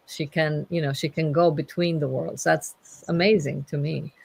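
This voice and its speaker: A woman's voice: low-pitched, steady tone, moderate pace, gravelly, a little mellow, breathy edge. A woman in casual conversation, playful and teasing, laughing often.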